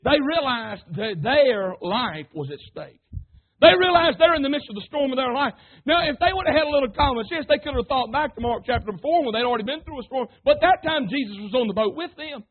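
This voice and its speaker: A man preaching a sermon, fervent and calling out to his congregation, sometimes rising to shouts. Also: very high voice, animated, brisk. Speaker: pastor. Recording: tinny phone-like sermon recording.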